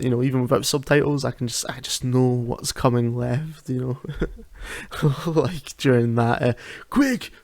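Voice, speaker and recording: A man's voice: medium pitch, no echo. A man hosting a solo podcast from home, chatting casually, often laughing and restarting his sentences. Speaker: podcast host. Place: home at night.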